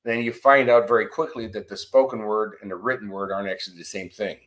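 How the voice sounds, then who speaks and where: Animated male coach telling stories. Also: lowish voice, fast, poor audio. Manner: animated storyteller, acts out quoted exchanges. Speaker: guest, performance coach and author. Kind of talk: storytelling podcast interview. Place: abroad in Australia, remote interview.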